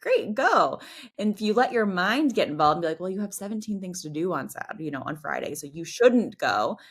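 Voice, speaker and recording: A woman's voice: medium pitch, expressive, quick pace. A woman guesting on a podcast as a coach, explaining in casual chat that is full of "like" and "right?", and acting out quotes in other voices. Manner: chatty, fills speech with "like" and "right?"; acts out voices when quoting people.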